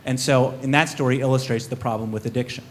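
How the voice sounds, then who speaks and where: A man on a conference panel telling a parable in a lively storytelling manner. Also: medium pitch, quick pace, slight background noise.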